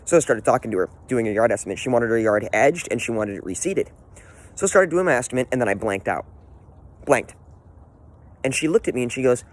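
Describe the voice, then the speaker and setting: A man in his twenties bluntly telling a personal story, swearing often. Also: mid-range voice. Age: 20s. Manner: blunt, profane, candid storytelling. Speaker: vlogger.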